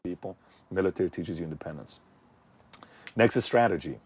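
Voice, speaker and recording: Man, low voice, middle-aged, motivational channel host, punchy rhetorical questions. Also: animated, brisk, darkish tone. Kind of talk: motivational talk to camera.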